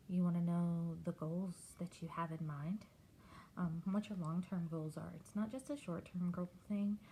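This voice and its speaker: Candid woman, low mellow voice. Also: slight background noise, rough recording. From Texas. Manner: candid, halting, chatty. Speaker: vlogger. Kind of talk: personal video diary.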